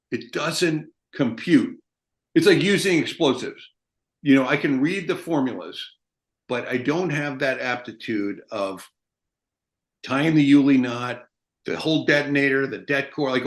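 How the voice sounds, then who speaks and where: A man's voice: mid-range voice, a little slow, a bit bright. Blunt, emphatic veteran man. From United States. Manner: emphatic, blunt, swears freely. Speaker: guest, army veteran. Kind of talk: casual interview talk.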